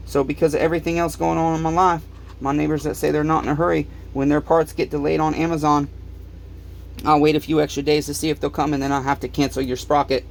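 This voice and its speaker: A high-voiced man rants in his repair workshop, worn out and fed up. He swears at nearly every turn as he airs his frustrations. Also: little pitch movement, quick pace, vocal fry, a little hiss or hum. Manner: swears constantly, frustrated ranting. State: tired, fed up. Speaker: small-engine repair shop owner. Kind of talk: angry workshop rant to camera.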